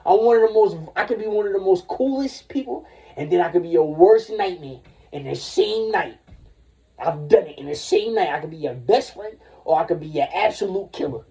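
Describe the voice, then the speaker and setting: A man's voice: sits high, lively intonation, a little fast, gravelly, dark tone, recorded from a distance. A man in his forties ranting in a rambling, profane way on a livestream, jumping between topics. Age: 40s.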